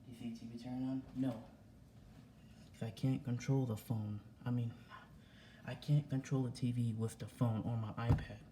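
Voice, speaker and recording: A young man vents into his camera at home in a flat, dark voice, circling back to the same points again and again. He swears freely and sounds agitated. A faint hum of room noise sits under the recording. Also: medium pitch, normal speed. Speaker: vlogger. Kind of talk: casual vlog rant. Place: home indoors.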